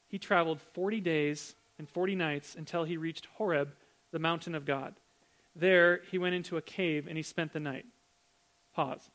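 A man preaching a sermon in a conversational, animated way, full of rhetorical questions. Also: fairly high pitch.

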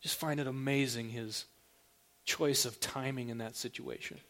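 A man preaching a sermon as a pastor, talking in a relaxed, conversational way and asking the listeners direct questions. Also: medium pitch, moderate pace.

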